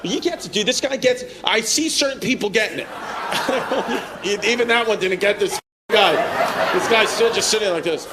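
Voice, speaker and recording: A man's voice: high-pitched, normal speed. A male stand-up comedian doing crude, laughing crowd work on a comedy club stage with a handheld mic. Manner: brash, crude, laughing teasing of audience members. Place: comedy club stage before a live audience. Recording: live club recording with crowd laughter and noise.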